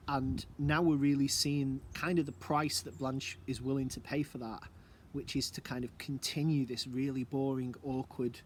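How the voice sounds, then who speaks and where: A man's voice: mid-range voice, a little mellow, slight background noise. A man giving a casual recorded English lesson from home, musing aloud and asking rhetorical questions. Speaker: English teacher. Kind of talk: recorded lesson explaining a play.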